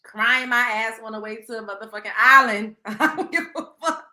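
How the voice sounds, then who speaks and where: High, bright, profane woman host. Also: moderate pace. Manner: blunt, profane, laughing often. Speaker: show host. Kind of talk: casual talk-show monologue.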